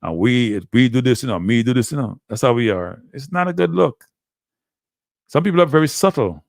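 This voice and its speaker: Calling his viewers "people," a livestream host chats animatedly and casually, saying things over and over. He speaks briskly at medium pitch with vocal fry, in a dry, clean studio recording.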